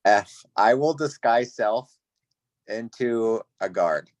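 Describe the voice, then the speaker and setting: A man playing in a tabletop game, talking in an unhurried, hesitant way with fillers. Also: on the low side, expressive, no room sound. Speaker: player. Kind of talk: casual tabletop play.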